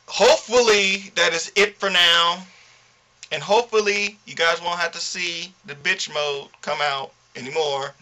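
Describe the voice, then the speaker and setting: A man ranting indignantly to his camera in a vlog, animated and full of slang. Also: high-pitched. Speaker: vlogger.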